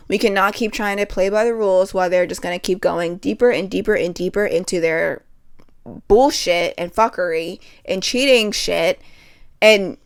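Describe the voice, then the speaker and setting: A young woman from Pennsylvania delivers an impassioned solo podcast rant, her voice at an ordinary middle pitch. She swears freely and stumbles over her words as her anger builds. The talk stays casual and fired-up throughout. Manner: heated, profane, fired-up, restarts mid-sentence. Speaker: podcast host.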